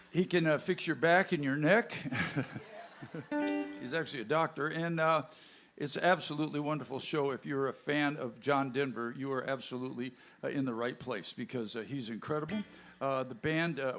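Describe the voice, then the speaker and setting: Bandleader MC, male, slightly high voice, folksy, jokey stage banter into a stage mic at a live venue. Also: a bit bright, slight background noise. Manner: folksy, joking banter with the audience. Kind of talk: onstage band introductions. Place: live music venue with a crowd. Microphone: stage microphone.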